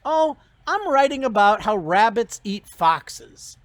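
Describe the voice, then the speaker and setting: Brief: speaker voices a calm, smug male rabbit, lively delivery. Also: medium pitch, takes it slowly, no room sound. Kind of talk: joke told in a speech.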